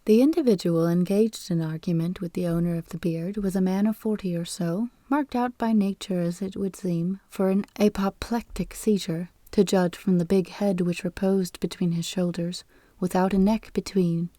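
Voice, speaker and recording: A woman narrating a classic novel as an audiobook, in a measured, even storytelling manner. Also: lowish voice, dry recording. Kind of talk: scripted narration.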